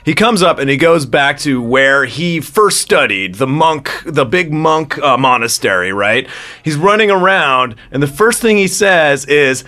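A man co-hosting a casual chat, animated, swearing and mimicking lines. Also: a little high, measured pace. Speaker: podcast co-host.

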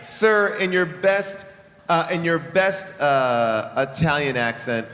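Man, comedy podcast host, slightly higher voice, quick joking delivery, reverberant hall, faint room noise. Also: a bit bright. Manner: quick, joking, leads the show. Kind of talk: live comedy podcast banter. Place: live show in a venue with an audience.

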